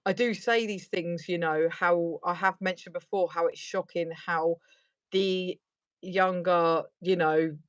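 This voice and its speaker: A woman's voice: on the low side, steady tone, a little slow, no room sound. A woman hosting a casual interview, asking long rambling questions full of fillers. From United Kingdom. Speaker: host.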